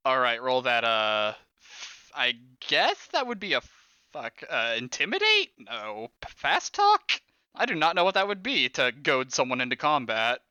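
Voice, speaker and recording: Game master type, man, bright forceful voice, dry close mic, casual and rules-minded. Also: medium pitch, very animated, moderate pace, clean tone, no echo. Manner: rule-explaining, laughing often. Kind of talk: running a tabletop horror game, casual.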